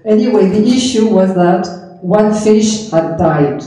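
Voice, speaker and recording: A middle-aged woman, a swami and yoga teacher, recalling memories of her teacher with gentle storytelling and frequent soft laughter. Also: medium pitch, measured pace, slight background noise. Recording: very echoey room.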